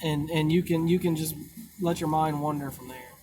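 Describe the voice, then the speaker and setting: A man with a slightly raised pitch chats casually from his car between delivery pickups. He swears freely and lets sentences trail off. The recording carries a clear bed of road noise. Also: fairly even intonation, normal speed. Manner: laid-back, swears freely, trails off often. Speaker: food delivery driver and podcast host. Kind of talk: casual chat while driving.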